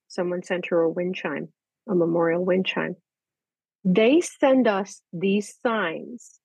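A woman's voice: mid-range voice, darkish tone, breathy edge, dry recording, dull audio. An older woman, a guest animal communicator, telling personal stories in casual chat and acting out the voices she quotes.

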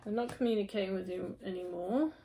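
A woman's voice: mid-range voice, quick pace, creaky, mellow, slight background noise. A woman giving a casual tarot reading to camera, talking straight to the viewer and asking and answering her own questions. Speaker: tarot reader.

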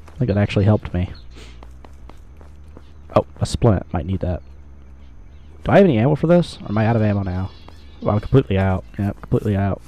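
Man, low voice, loose sweary self-mocking game commentary, faint clicking under it. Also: lively intonation, brisk, pauses often, warm tone, a little hiss or hum. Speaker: gamer, channel host. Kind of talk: casual gameplay commentary.

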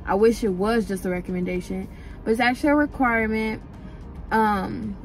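A woman's voice: medium pitch, moderate pace, soft background music. A woman in her twenties, an x-ray student, chatting casually to her viewers in a vlog, calling them "y'all.". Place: out and about, car, shops, home.

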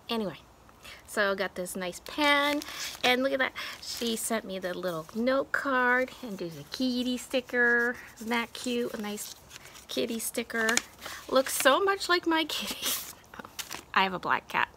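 Female craft vlogger at home, chatty and effusive, gravelly and somewhat high, in a noisy recording. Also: a little slow, sharp tone. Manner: chatty and gushing, with many fillers. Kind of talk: casual show-and-tell chat. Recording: background noise of crinkling packaging.

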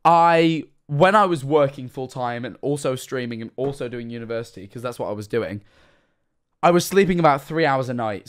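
A man in his twenties talks in a mid-pitched voice, audibly tipsy. He rambles through his stories, swinging from loud, high outbursts to hushed, near-whispered asides. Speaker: streamer. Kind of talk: casual live-stream chat.

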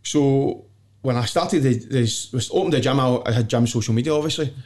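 A man from Glasgow, by his accent, speaks a little fast in a medium-pitched, darkish voice. Guesting on a podcast, he shares stories in casual chat, bluntly poking fun at himself, swearing freely and laughing often.

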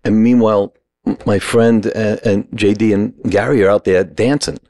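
Gravelly low-voiced man telling a story. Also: moderate pace, no room sound. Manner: animated anecdote teller who acts out quotes. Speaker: podcast guest. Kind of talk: casual storytelling.

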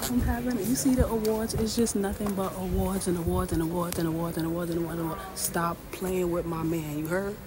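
Excited New woman touring an exhibit. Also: lowish voice, brisk, few pauses, background noise. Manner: excited, emotional, talks under her breath to herself. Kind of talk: casual walk-through vlog. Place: indoor museum exhibit among crowds.

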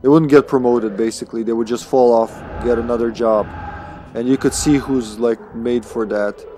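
A man's voice: medium pitch, fairly even intonation, moderate pace, warm tone. Man, live gameplay commentary, sore throat, swears a lot, jokes at the game, faint game music behind. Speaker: streamer playing a video game.

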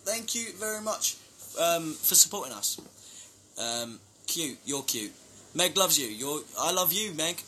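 A man's voice: a little high, expressive, measured pace, bright, forceful tone, a little hiss or hum. A young man chatting casually on a live stream, reading out fan names and thanking them for gifts. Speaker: band member live-streaming to fans.

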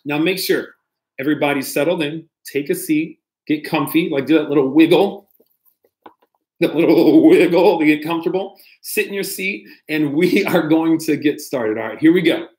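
A man's voice: a little high, moderate pace, darkish tone. A man, a pastor, reading a children's picture book aloud to kids on a livestream, playful and talking straight to them. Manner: playful, talks directly to kids, mock-outraged squeals. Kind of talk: animated storybook read-aloud on a livestream.

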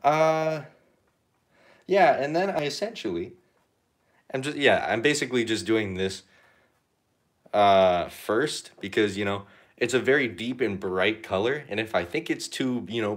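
A young man chatting casually on a painting livestream, rambling and joking with lots of fillers. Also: fairly low pitch. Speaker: art livestreamer.

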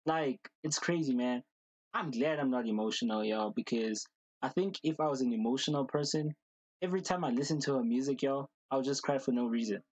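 A man hosting a reaction video, talking casually and excitedly, gushing and repeating slang fillers. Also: mid-range voice, brisk, no echo, poor audio.

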